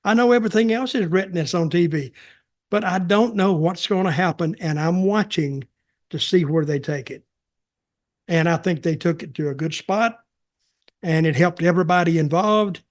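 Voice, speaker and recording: A man's voice: high voice, normal speed. An older man, hosting a podcast and telling wrestling stories in a folksy, rambling way. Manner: rambling, folksy, repeats himself. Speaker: podcast host, wrestling veteran. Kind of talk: casual storytelling chat.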